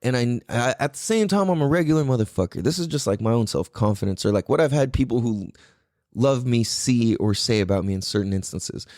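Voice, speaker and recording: Lively, swearing male podcast host. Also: medium pitch, brisk, dry recording, studio quality. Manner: animated, profane, rambling. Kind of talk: casual podcast monologue.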